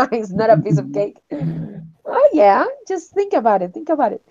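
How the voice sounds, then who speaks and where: A woman's voice: fairly high pitch, very animated, moderate pace, a little mellow, no room sound. Woman english teacher, upbeat, laughs a lot, dull dry lo-fi sound. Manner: encouraging, laughs often. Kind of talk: online English class.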